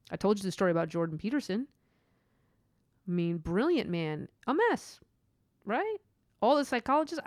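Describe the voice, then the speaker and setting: A woman hosts her own personal faith podcast, delivering an earnest, meandering monologue full of "like" and side thoughts. Her mid-range voice is smooth and clear, recorded close and dry with no room sound.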